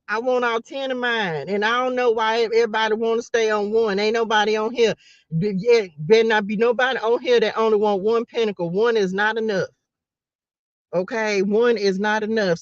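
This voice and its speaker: A woman's voice: on the high side, dry recording, lo-fi sound. Playful woman doing a tarot stream. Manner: playful, teasing, laughs often; chatty, addresses viewers directly. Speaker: tarot reader hosting a live stream. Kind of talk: casual live-stream tarot reading.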